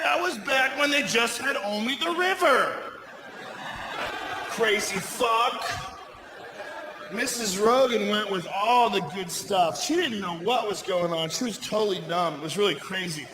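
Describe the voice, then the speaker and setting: A man doing a stand-up comedy routine on a theater stage, telling a profane story loudly and with big shouted punchlines. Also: sits high, lively intonation, unhurried, a crowd in the background. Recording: roomy live theater sound with audience noise.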